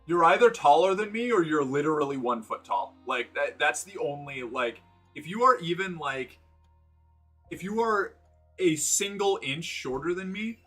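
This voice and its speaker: A man's voice: on the high side, lively intonation, normal speed, fairly bright tone, faint music behind. A man from New England streaming casually from the floor, rambling through chat with lots of fillers and restarts. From New England, United States. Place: indoors, sitting on the floor.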